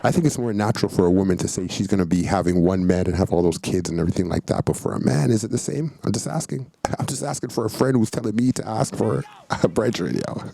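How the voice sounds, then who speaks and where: Low mellow-voiced man reacting to clips. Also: fast, creaky, slightly rough, poor audio. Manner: slangy, chatty, rhetorical questions. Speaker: reaction video host. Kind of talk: casual reaction commentary.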